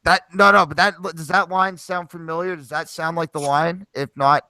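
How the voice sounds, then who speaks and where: A man hosting a casual podcast, talking in an excitable, rambling way and swearing a lot. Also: a little high, normal speed, dry recording. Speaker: podcast host.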